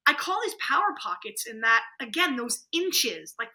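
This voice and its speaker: A woman speaking as a podcast guest, animated and conversational, acting out inner voices as she talks. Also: on the high side, normal speed, poor audio. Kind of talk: conversational interview.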